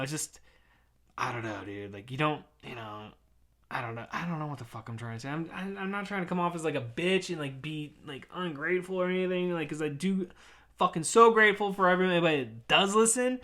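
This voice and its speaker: A man's voice: fairly high pitch, animated, brisk. Frustrated man ranting on a podcast. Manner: rambling, heavy swearing, frustrated; many fillers and restarts, drifts between loud and mumbled. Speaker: podcast host. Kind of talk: casual rant.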